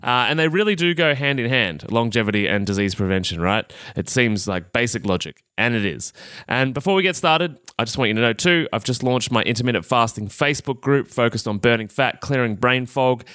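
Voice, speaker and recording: A man's voice: medium pitch, brisk, pushed and bright, clear, resonant tone, dry recording, studio quality. A young Australian man hosting a solo health podcast, talking in a chatty, upbeat and self-amused way with plenty of fillers. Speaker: podcast host.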